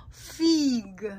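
Lady vlogging out in her garden, slow, gasps a lot, a bit high, faint noise behind. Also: darkish tone, breathy edge, rough recording. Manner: gasping and delighted, repeats herself. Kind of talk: casual garden vlog. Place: home garden, outdoors.

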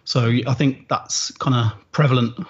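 Husky West Country man with Aussie twang. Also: medium pitch, steady tone, normal speed, highs cut off. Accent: West Country English with an Australian twang. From Southwest England. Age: 40s. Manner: laid-back, easygoing, matey. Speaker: guest, retired soldier. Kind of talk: casual interview.

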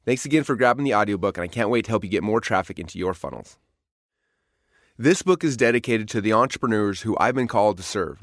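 A man reading his own book aloud as an audiobook in a recording studio, brisk and earnest. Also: lowish voice, dry recording. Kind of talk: audiobook narration.

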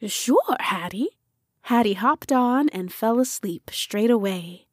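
A woman narrating a children's audiobook in a slow, gentle storytelling manner. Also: on the high side, dry recording, studio quality.

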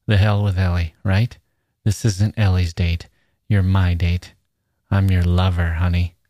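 A man reading a story voicing a menacing young man who talks softly and coaxingly, with a slow drawl. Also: low-pitched, little pitch movement, no echo, clean studio sound.

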